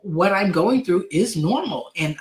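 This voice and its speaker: A woman's voice: lowish voice, animated, unhurried. Emotional grieving woman sharing her story. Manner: heartfelt, repeats words, many fillers. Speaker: podcast host. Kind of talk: personal talk on grief.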